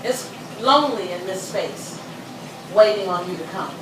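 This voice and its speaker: A middle-aged woman giving a live motivational speech, telling a story with animated energy and leading the audience in call-and-response chants. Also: a little slow. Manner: acts out quoted voices with sudden loud pitch jumps. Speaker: motivational speaker. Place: large hall with a live audience. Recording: echoey hall, distant mic, audience noise.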